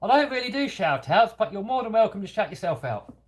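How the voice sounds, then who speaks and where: A man's voice: high-pitched, big pitch swings, fairly quick. A man with a light London-area English accent, chatting casually and self-deprecatingly as he hosts a live stream and answers viewer comments. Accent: London-area English, lightly Cockney. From England. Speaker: host of a hobby channel live stream.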